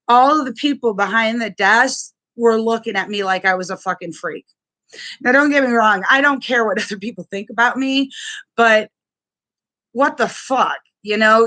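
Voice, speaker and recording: Blunt, angry woman with a bright voice. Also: medium pitch. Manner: blunt and profane, with heavy swearing and restarts; indignant and raw. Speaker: vlogger sharing a personal experience. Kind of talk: angry personal testimony vlog.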